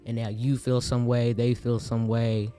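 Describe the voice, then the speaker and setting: A young man from Gary, Indiana, co-hosting a podcast in casual chat, animated and quick to laugh as he acts out other people. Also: medium pitch, faint music behind. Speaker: podcast co-host.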